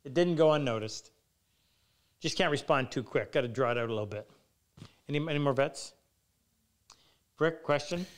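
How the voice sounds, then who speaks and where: A woodworking teacher hosting a live Q&A, chatting in a self-deprecating way and rambling through anecdotes. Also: male voice, mid-range voice, normal speed, long pauses, clean tone. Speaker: woodworking teacher and show host. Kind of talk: live Q&A, casual storytelling. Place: woodworking workshop.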